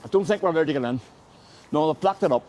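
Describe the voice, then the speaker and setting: A man's voice: on the high side, expressive, fast, darkish tone, slight background noise. A middle-aged man with a Belfast accent, a local guide chatting casually on a walking tour, telling stories and peppering them with "mate". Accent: Northern Irish (Belfast). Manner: chatty storyteller, says "mate" constantly. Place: outdoors on city streets.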